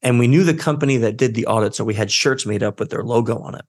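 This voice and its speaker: A man telling a story as a guest in a career interview, acting out the dialogue and jumping up in pitch when he quotes people. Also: fast talker. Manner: animated, acts out quoted dialogue with his voice jumping up. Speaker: guest, social engineer.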